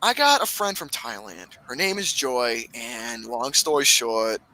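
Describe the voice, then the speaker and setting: A man telling a story in a casual chat, profane and animated. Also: medium pitch, measured pace, low-quality recording. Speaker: co-host.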